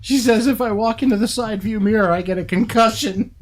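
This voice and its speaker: A man's voice: sits high, a little fast, very noisy. A man from New York co-hosting a crafting livestream, joking and reading viewer comments in casual chat, often breaking into laughter. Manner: joking, bursts into laughter, voice jumps up when excited.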